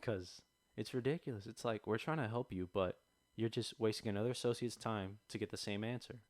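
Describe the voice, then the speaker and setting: Young man telling a lively story. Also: lowish voice, a little fast, dry recording. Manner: animated storytelling, acts out customers. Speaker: podcast co-host. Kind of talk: casual chat. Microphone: close podcast mic.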